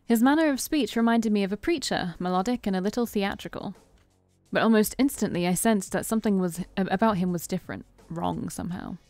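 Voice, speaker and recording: A woman streamer reads a visual novel aloud, expressive and chatty, with self-deprecating asides. Her voice sits in a mid register and sounds dry and close, with faint game music underneath. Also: medium pitch, a little fast, no echo. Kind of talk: reading game text aloud with casual asides.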